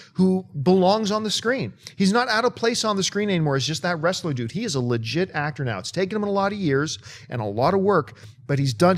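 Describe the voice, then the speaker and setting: Guy cohosting a movie show, talks animated and emphatic, kinda high voice. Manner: animated, emphatic, breaks into sung bits. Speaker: co-host of a movie talk show. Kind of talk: casual movie chat.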